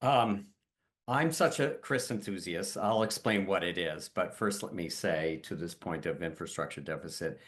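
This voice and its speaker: An older man speaking as a panelist on a video call, measured and explanatory, with frequent fillers. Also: low-pitched. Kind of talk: explanatory webinar talk.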